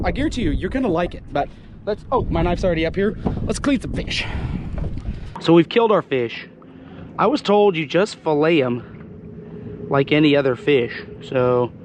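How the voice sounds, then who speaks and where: A man hosting a fishing vlog, talking casually while he cleans and cooks fish, hoarse as he loses his voice. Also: a little high, darkish tone, slight background noise. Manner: chatty, exclaims often. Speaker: fishing channel host. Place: outdoors on a boat.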